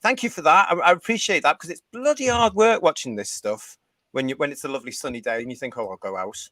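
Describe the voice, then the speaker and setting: A man's voice: fairly high pitch, lively intonation, fast talker, bright, forceful tone. A man from the United Kingdom hosting a live fan review show, reading viewer comments and ranting with strong opinions.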